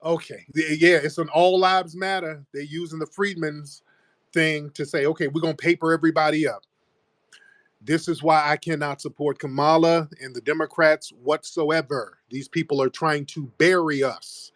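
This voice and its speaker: A man's voice: fairly high pitch, fairly even intonation, moderate pace, dry recording. Blunt, mocking male talk-show host. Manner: blunt, mocking, loud bursts.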